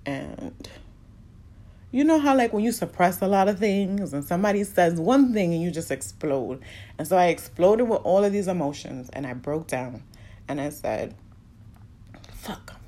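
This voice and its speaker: A woman's voice: lowish voice, animated, moderate pace, dark tone. A woman openly telling a personal story, emotional and fighting back tears. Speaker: podcast host sharing a personal story.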